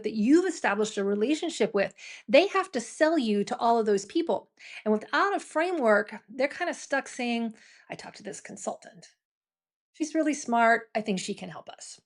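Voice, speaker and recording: A middle-aged woman hosting a business podcast, talking to listeners in a brisk, conversational coaching tone full of "right?" asides. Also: medium pitch. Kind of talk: solo talk to listeners.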